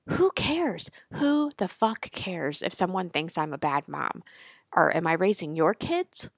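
Forties mom host, lowish gravelly voice, frank and animated storyteller. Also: female voice, a little slow, no echo. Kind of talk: candid personal monologue.

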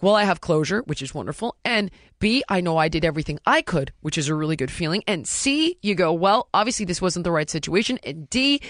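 A woman's voice: on the low side, fairly bright tone, no echo, studio quality. A woman hosting a podcast, talking frankly and swearing freely as she tells stories from her life as a mother. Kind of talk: candid casual podcast chat. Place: podcast studio.

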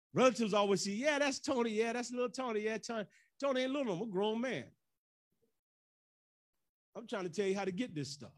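A man preaching as pastor in a loose, joking way, slipping into the voices of church folk. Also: sits high. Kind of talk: conversational sermon.

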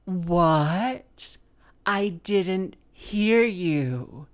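A woman voicing a condescending male vicar who talks down in a hushed, clipped way. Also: lowish voice, lively intonation, extremely slow, voice pushed up. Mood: impatient.

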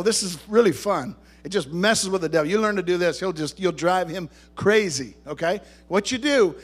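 A high-pitched male pastor gives a sermon to his congregation in a conversational way. He jokes with the listeners and now and then climbs into emphatic bursts.

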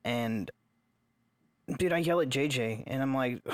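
A man's voice: mid-range voice, measured pace, smooth, no echo. A man in casual podcast chat about parenting, earnest and opinionated, swearing for emphasis. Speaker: podcast co-host, father.

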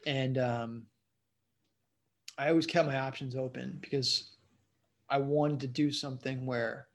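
A man's voice: medium pitch, fairly even intonation, unhurried. A man who works as a comedian, chatting loosely as a podcast guest, leaning on fillers and playful asides. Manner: loose, rambling, leans on "you know" and "like"; playful and joking. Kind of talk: casual interview chat.

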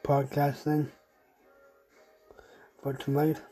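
A podcast host talks slowly in an earnest, deliberately sad voice, stumbling and repeating words as they go. The tone stays mellow and flat, with little rise or fall. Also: mid-range voice, slightly rough, soft background music, rough recording. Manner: halting and repetitive, restarting phrases. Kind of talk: personal spoken message to a friend.

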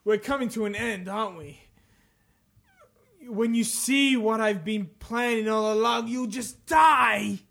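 Man reading a taunting game villain: high, theatrical, bursts into shouts. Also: measured pace, vocal fry, exaggerated voice. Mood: gloating. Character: gloating male video game villain.

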